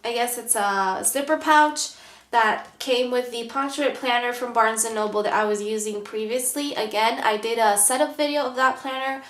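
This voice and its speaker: A woman's voice: fairly high pitch, normal speed, fairly bright tone, echoey room. A woman with a nasal, stuffy voice, chatting casually with many ums as she shows her planner in a vlog. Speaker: planner vlogger. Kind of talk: casual show-and-tell vlog.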